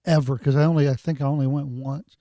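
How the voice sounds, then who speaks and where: A man's voice: mid-range voice, steady tone, quick pace, mellow, no room sound, studio quality. A middle-aged man co-hosting a podcast, telling wry, joking stories in a casual chat. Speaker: podcast co-host.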